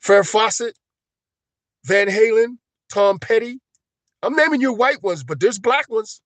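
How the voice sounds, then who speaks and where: A man ranting on a live stream, agitated and profane, swinging between shouting and low, emotional muttering. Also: unhurried, no echo. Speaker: livestream host.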